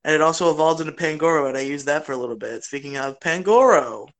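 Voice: mid-range voice, fast. Giggly, gushing podcast co-host. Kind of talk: casual chat.

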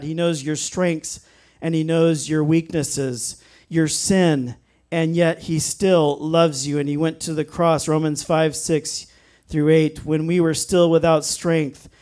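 Guy preaching a sermon, voice a bit on the high side, earnest, slows way down on the big lines. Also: darkish tone. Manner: earnest, emphatic, slows down on key phrases. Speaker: pastor.

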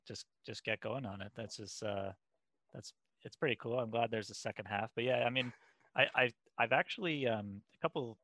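A man's voice: lowish voice, fairly bright tone, no echo. A man co-hosting a casual podcast, easygoing and rambling as he thinks aloud. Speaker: podcast co-host. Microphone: headset mic.

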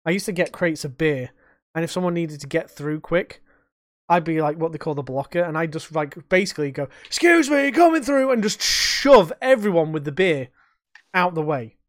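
A young man, hosting a casual podcast chat and telling animated stories that he acts out and laces with swearing. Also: a little high, fairly quick, no echo, studio quality. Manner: animated storytelling, swearing, acting out quotes. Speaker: podcast host.

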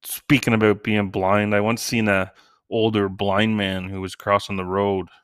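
A middle-aged man with a somewhat low voice tells crude, joking stories in a loose, casual way. He jumps into high, shouted voices for the people he quotes. The recording is very dry and close. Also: little pitch movement, unhurried, clear, resonant tone, dry recording. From Canada. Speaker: stand-up comedian. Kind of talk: casual comedic storytelling.

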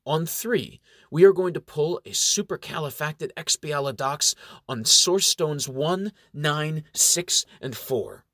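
A man's voice: on the high side, animated, slow pace, fairly bright tone, dry recording, studio quality, full character voice. A man voicing a plucky, cheerful female gnome battle sage in a spoken fantasy story. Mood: commanding.

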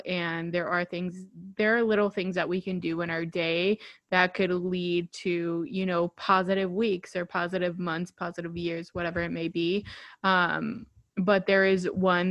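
A young woman in her twenties hosts a casual podcast and chats warmly with her guest. Her talk is full of ums and you-knows, gushing and thankful, recorded close and dry with no room sound. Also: fairly low pitch, flat delivery, measured pace, dry recording, highs cut off. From Chicago, USA. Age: 20s. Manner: gushing, heavy fillers like um and you know. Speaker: podcast host.

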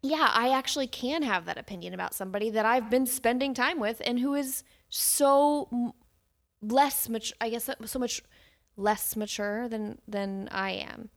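A woman's voice: on the high side, moderate pace. A woman co-hosting a podcast, chatting casually and telling stories animatedly, acting out what people said. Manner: animated storyteller who acts out quotes. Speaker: podcast co-host. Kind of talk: casual chat recapping a dating show.

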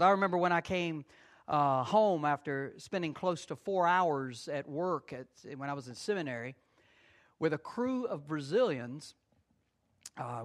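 A man's voice: sits high, fairly bright tone. A middle-aged man, a pastor, preaching a sermon in a conversational way, repeating phrases and acting out little asides.

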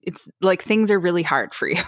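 A young woman, co-hosting a podcast and telling a story in a casual, animated way, full of fillers. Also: on the low side, moderate pace, no echo, clean studio sound. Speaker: podcast co-host.

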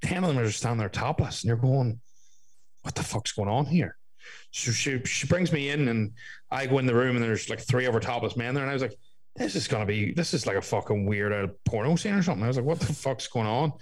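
A man's voice: mid-range voice, fast talker, poor audio. Sweary storytelling man. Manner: swears a lot, animated storytelling. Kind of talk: casual storytelling chat.

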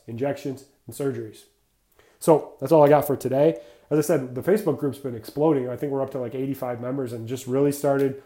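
A man talks through a casual podcast monologue in a mellow, darker voice. He is blunt and energetic, fills his talk with "like" and drifts from point to point. The room around him is echoey. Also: medium pitch. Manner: energetic, blunt, rambling, says "like" often. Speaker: podcast host for clinicians.

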